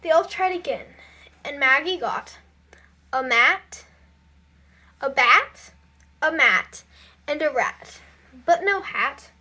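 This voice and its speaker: A woman reads a children's storybook aloud, unhurried and careful. Her voice sits very high, and she paces every line slowly. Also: lively intonation, pushed and bright. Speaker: storybook reader. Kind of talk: reading a children's picture book aloud.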